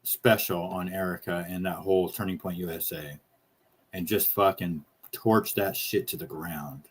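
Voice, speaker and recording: A man's voice: low voice, fairly even intonation, measured pace, breathy edge. A man streaming casual commentary on clips, blunt and heavy on swearing, with fillers as he trails off.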